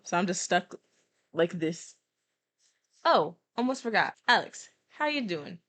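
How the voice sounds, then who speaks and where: A woman's voice: on the low side, animated, moderate pace, a bit bright. A young woman casually commenting and reading game text aloud as a let's-play streamer, giggly and self-deprecating. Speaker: gaming streamer.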